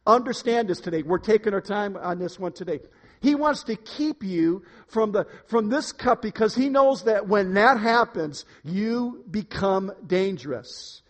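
Male pastor preaching, high voice, emphatic, swings from soft to loud. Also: expressive, measured pace. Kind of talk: sermon. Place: church room.

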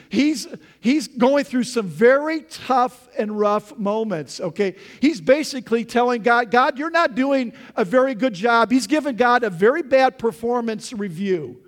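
Man, pastor, high-pitched, impassioned sermon, talks straight to the congregation. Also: expressive, measured pace. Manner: impassioned, often raises voice when voicing prayers and quotes; addresses the congregation with "folks" and "okay?".

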